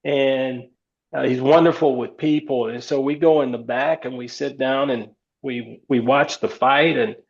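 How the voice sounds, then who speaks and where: Older man, gravelly voice, relaxed storytelling, slightly dull lo-fi sound. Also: medium pitch, unhurried. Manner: relaxed storyteller with many fillers. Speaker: retired baseball player, guest. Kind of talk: storytelling interview.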